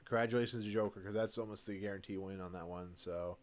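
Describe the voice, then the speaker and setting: There's slight background noise as a young man with a lowish, steady voice talks at a quick pace on his podcast. In casual solo commentary he rambles through opinions, restarting often and using many fillers, enthusing over favorites and open about dislikes.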